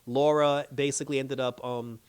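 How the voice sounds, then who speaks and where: A man's voice: medium pitch, flat delivery, normal speed, clean tone. Reviewer type, man with a mid-range voice, loose and slangy, recapping an episode with lots of filler words. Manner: loose, chatty retelling full of "like" and "you know"; slangy and playful, laughing often. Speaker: TV show reviewer.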